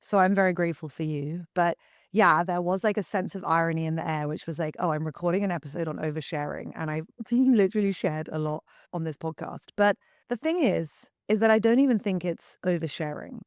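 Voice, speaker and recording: A young woman hosting a solo podcast, husky from the early morning, talking frankly to listeners as if to close friends. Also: on the low side, brisk, no room sound. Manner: candid, confiding, talks to listeners like friends. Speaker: podcast host and wellness coach. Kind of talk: chatty solo podcast monologue.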